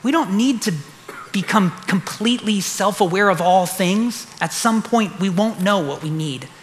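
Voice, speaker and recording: A man's voice: high voice, normal speed, a little hiss or hum. A man preaching a sermon as pastor, earnest and building to emphatic declarations. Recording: echoey hall.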